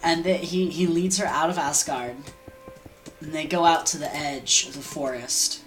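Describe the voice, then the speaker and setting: A woman's voice: sits low, steady tone, normal speed, faint music behind. A woman casually retelling an old myth, rambling with fillers, asides and slang. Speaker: storyteller.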